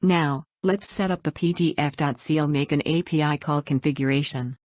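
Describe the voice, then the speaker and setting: A woman narrating a scripted software tutorial, reading each step in an even, instructional way and spelling out acronyms letter by letter. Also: low voice, normal speed, no room sound, studio quality.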